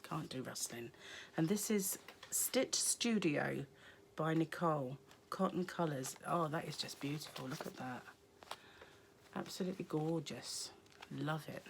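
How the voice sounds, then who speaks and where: A hoarse British woman chatting casually as she unboxes yarn for her crochet vlog, often dropping to a near whisper. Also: sits low, measured pace, slight background noise. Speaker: crochet vlogger.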